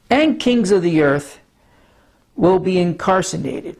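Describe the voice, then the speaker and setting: Here a man who pastors a church walks listeners through scripture with a map, his delivery measured but animated and dotted with small slips. His pitch is a touch high and a little mellow, though allergy hoarseness makes it rough, husky, gravelly and scratchy, with bouts of throat-clearing.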